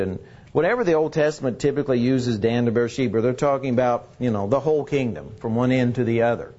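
A man teaching a casual Bible lesson, talking haltingly with many fillers and restarts. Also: mid-range voice, dark tone, highs cut off.

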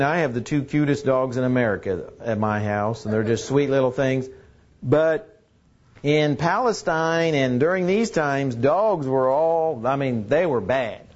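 Male Bible teacher, casual and halting, mid-pitched, dull lo-fi recording. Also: a little mellow. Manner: halting, with many fillers and restarts.

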